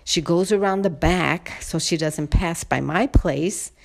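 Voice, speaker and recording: A woman's voice: fairly low pitch, measured pace, creaky. Indignant woman venting about a neighbor. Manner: indignant, venting, talks to viewers directly. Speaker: vlogger. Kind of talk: casual storytelling to camera.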